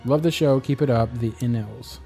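A man's voice: medium pitch, moderate pace, gravelly, warm tone, soft background music. A man co-hosting a podcast, rambling and joking as he reads listener emails in casual chat.

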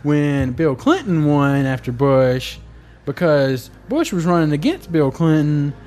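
A man talks loosely and jokily, trailing off and restarting as he reads listener mail. His voice sits a little high for a man. Faint music plays underneath. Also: lively intonation, measured pace, darkish tone. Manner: rambling, hesitant, joking. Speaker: podcast co-host reading listener emails. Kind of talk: casual chat.

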